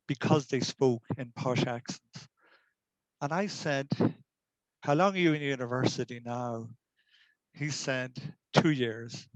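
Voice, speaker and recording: An older man, a community education lecturer, giving a calm, earnest talk built around short personal stories. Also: medium pitch, no echo, poor audio. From Ireland. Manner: calm storytelling, measured and earnest. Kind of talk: reflective talk to camera.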